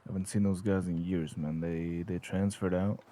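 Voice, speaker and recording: A man talking in character during a role-play game, casual and profane, with halting restarts. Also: deep voice, level tone, dark tone.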